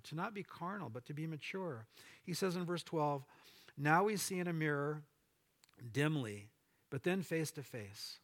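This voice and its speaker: A man's voice: fairly high pitch, fairly bright tone. A middle-aged man preaching a sermon as pastor, reading Bible verses aloud and adding casual asides to his congregation.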